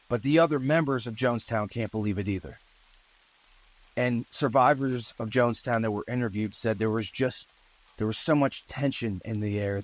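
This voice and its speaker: A man narrating a true-crime story in a relaxed, conversational way, with asides and fillers. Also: mid-range voice, poor audio.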